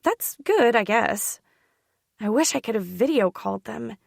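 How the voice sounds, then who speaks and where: A woman narrating a first-person romance audiobook in an intimate, expressive way on a close studio mic. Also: mid-range voice, moderate pace, vocal fry, no room sound.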